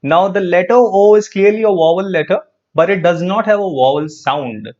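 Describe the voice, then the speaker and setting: A man's voice: sits high, normal speed, a little mellow, muffled recording. Man teaching grammar in a live class. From India. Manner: repeats phrases, asks students questions. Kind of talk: live online grammar lesson.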